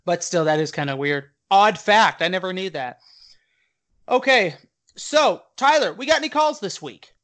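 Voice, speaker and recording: High-voiced chatty male podcast host. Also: moderate pace. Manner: chatty, joking, animated. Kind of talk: casual chat.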